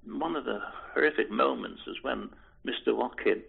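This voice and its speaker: An older man from Liverpool with a faint Liverpool accent, recalling his wartime childhood in an oral history interview, halting and repeating words with soft chuckles. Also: medium pitch, creaky, husky. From Liverpool, England. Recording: tinny phone-like recording.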